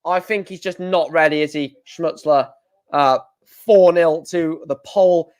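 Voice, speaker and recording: Excitable man commentating live. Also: fairly high pitch, measured pace. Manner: excitable, shouting at big moments, repeating "wow". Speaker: live stream host.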